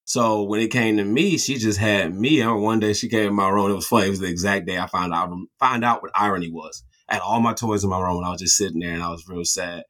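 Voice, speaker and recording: A man in his thirties co-hosting a casual podcast, telling lively stories and acting out family members' voices. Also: lowish voice, fast, hardly any pauses. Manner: animated storyteller, acts out voices of family. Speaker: podcast co-host. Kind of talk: casual chat.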